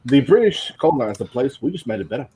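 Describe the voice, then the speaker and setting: A man's voice: mid-range voice, very animated, fast talker, mellow, husky. A man chatting casually in a group talk, playful and groping for words.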